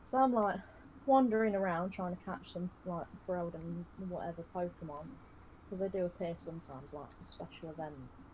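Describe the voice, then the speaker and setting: A woman's voice: fairly low pitch, normal speed, a little hiss or hum, poor audio. Rambling woman streamer. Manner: rambling, filler-heavy, deadpan. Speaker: live streamer. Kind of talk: comic in-character storytelling.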